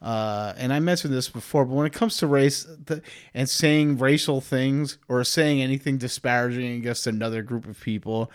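A man's voice: mid-range voice, moderate pace, clean tone. A man hosting a podcast, talking in a rambling, profane, comedic monologue. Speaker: podcast host.

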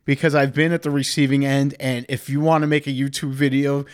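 A man's voice: medium pitch, little pitch movement, brisk, clear, resonant tone. A man hosting a podcast, talking in a rambling, profane, comedic monologue. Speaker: podcast host.

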